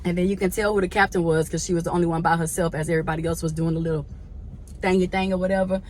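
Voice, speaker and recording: A woman telling a lively story to her viewers, chatty and slangy, laughing often and calling them y'all. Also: on the low side, racing, a little hiss or hum. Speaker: vlogger.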